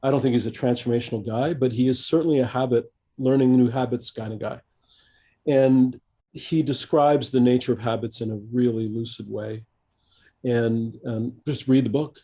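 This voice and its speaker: A man in his fifties, a coach being interviewed on a podcast, speaking thoughtfully and haltingly with many restarts and fillers. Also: mid-range voice, steady tone, dark tone, slightly rough. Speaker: executive coach, guest.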